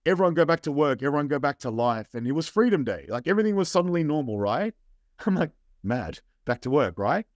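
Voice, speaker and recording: A man's voice: fairly high pitch, fast, no room sound, studio quality. Chatty Australian man telling stories. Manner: animated anecdotes with "right?" and "I'm like". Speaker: interview guest. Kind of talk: casual storytelling.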